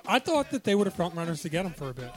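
A man's voice: high voice, big pitch swings, racing, faint music behind. A man chatting on a podcast, hesitant and stumbling over his words. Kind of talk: casual chat.

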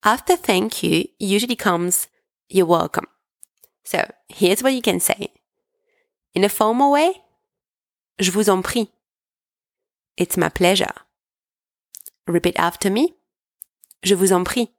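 A woman teaching a language lesson, speaking patiently and deliberately and pausing so learners can repeat each phrase. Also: mid-range voice, dry recording, studio quality. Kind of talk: slow, clear language lesson with repeat-after-me drills.

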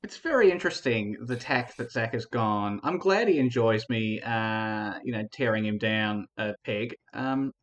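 A man's voice: fairly low pitch, animated, a little slow, few pauses. A man giving a teasing, theatrical comedic debate speech.

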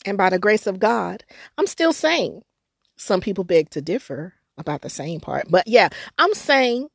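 A middle-aged woman from North Carolina hosting a podcast, telling her own story in a candid, conversational way with animated bursts. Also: medium pitch, unhurried, vocal fry, dry recording, clean studio sound. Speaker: podcast host.

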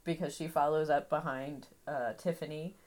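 Spielerin mit tieferer Stimme. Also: female voice, sits low, fairly even intonation, moderate pace, a little mellow. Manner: describes her character's actions in third person. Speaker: player. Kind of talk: casual tabletop game play.

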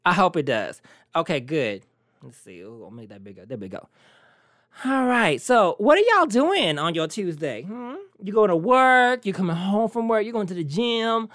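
A brash, teasing talk show host chatting casually to the audience. The pitch leaps and swoops all over in an animated way. The sound is dry and close, with no room around it. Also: moderate pace, no room sound. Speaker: podcast host. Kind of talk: casual solo chat.

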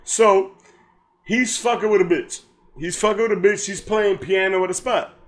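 Animated man retelling a comedy scene. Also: high-pitched, moderate pace. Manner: animated storytelling, acts out lines, laughs often, swears freely. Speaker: podcast co-host. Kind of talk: casual chat.

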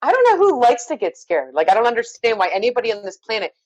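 A woman's voice: on the high side, quick pace, breathy edge, no room sound, highs cut off. Middle-aged woman rambling in casual chat, says like a lot, dry close mic. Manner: chatty, full of "like", animated quotes.

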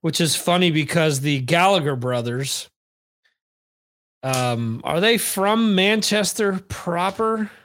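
Speaking slowly and expressively, a podcast host with a fairly high, slightly bright voice reads viewer comments and chats casually. He tends to ramble and joke, stopping often to correct himself.

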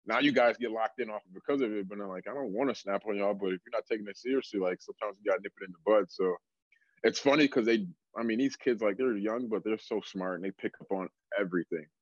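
Relaxed low-voiced male strength coach. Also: quick pace, no room sound, muffled recording. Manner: relaxed storytelling, many fillers like "like". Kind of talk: casual podcast conversation.

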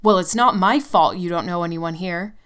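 A woman's voice: lowish voice, steady tone, moderate pace, natural voice. A woman voicing a jealous, hot-tempered young boyfriend who snaps in bitter, clipped retorts. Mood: angry.

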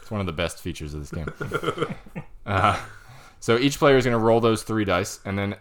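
A man's voice: on the low side, very animated, normal speed. A man hosting a casual board game review, explaining the rules step by step and laughing easily. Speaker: podcast host.

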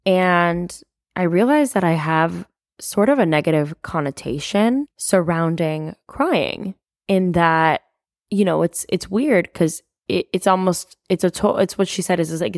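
A woman's voice: on the low side, expressive, unhurried, dry recording, clean studio sound. A young woman hosting a candid solo podcast, talking openly about her feelings with lots of casual fillers and the odd swear. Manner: open, confiding, frequent "like" fillers, casual swearing. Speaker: podcast host.

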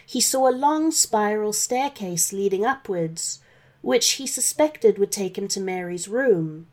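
A woman narrating a children's story in a gentle, expressive read-aloud manner. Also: medium pitch, a little slow.

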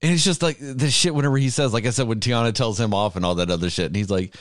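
A man's voice: medium pitch, fast, dry recording, studio quality. A man in a casual chat, ranting emotionally with heavy swearing and laughing between his words.

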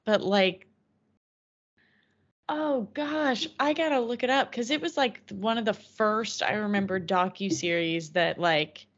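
A woman's voice: medium pitch, a little slow. A young woman co-hosting a podcast in casual chat, hesitant and searching for her words as she recalls things. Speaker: podcast co-host. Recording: slightly dull lo-fi podcast audio.

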